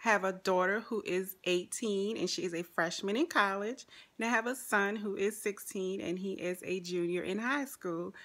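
A woman's voice: medium pitch, normal speed, a bit bright. A woman in her forties with a New Orleans accent, chatting to camera as a vlogger in a sassy, joking way. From New Orleans, Louisiana. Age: 40s. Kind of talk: casual chat to camera.

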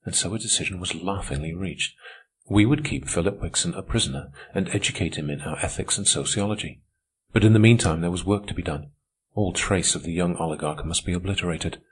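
Deep, husky male audiobook narrator. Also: brisk. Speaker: audiobook reader. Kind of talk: scripted narration.

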